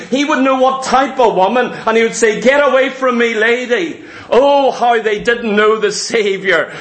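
Brief: male preacher with a very high voice, fervent and emphatic, repeating phrases. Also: a bit bright. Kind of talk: sermon.

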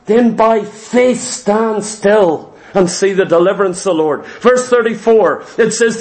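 A male preacher with a notably high voice delivers an emphatic sermon. He drives his points home with repetition and asks one rhetorical question after another. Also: measured pace, hardly any pauses, darkish tone.

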